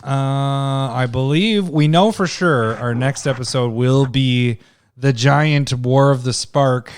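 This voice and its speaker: A man's voice: medium pitch, slow, clear, resonant tone, no room sound, clean studio sound. Easygoing male podcast co-host. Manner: easygoing, laughs often, wraps up the show. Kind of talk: casual chat.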